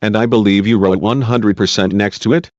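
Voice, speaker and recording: A man reading a male defense lawyer's questions, measured and reassuring, in a dull lo-fi recording. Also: fairly low pitch, steady tone, darkish tone, dry recording, lightly acted. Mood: courteous. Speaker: cross-examining lawyer.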